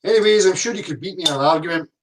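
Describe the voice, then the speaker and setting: A man's voice: high-pitched, very fast, fairly bright tone, recorded from a distance. A middle-aged man, reading out online comments and answering them with sarcasm, swearing and combative rants. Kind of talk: reading comments aloud and ranting.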